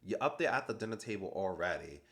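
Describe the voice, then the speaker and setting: Chatty low-voiced man recapping gossip. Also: quick pace. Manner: animated, acts out quoted lines in mock voices; chatty and gossipy, laughs at his own jokes. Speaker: reality TV recap host. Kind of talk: casual recap commentary.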